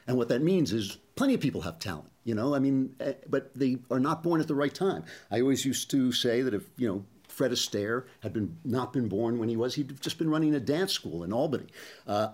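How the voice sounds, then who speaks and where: Man, middle-aged, podcast host, slightly husky, casual rambling commentary. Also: medium pitch, lively intonation, brisk, darkish tone. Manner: conversational, digressive, frequent ums and uhs.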